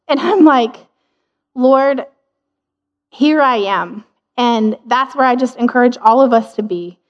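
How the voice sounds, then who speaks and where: A woman giving an informal devotional talk in an earnest, chatty way, laughing now and then between thoughts. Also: fairly high pitch. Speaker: speaker sharing a devotional. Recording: dull lo-fi sound.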